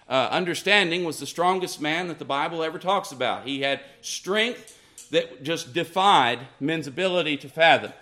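A man's voice: a little high, pushed and bright. A man preaching a sermon, emphatic and repetitive, his voice swinging up and down. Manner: emphatic, rising and falling with repeated phrases.

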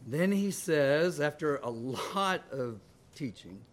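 A man preaching a sermon, emotional and fighting back tears at times, reading scripture in a measured cadence and building to fervent emphasis. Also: medium pitch, a little mellow.

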